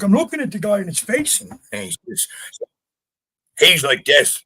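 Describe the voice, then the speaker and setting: A man's voice: high-pitched, normal speed, breathy edge, poor audio. A man from Canada telling a gritty story in casual podcast chat, blunt and full of swearing. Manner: profane, blunt, animated retelling. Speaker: podcast guest.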